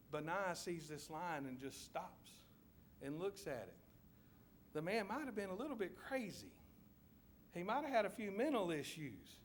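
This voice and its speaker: A man with a Southern US accent delivers a church sermon as a vivid story, asking the congregation to see each scene with him. His voice sits a little high for a man, and a faint low rumble runs underneath. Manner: vivid storytelling, asks listeners to picture scenes. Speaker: preacher.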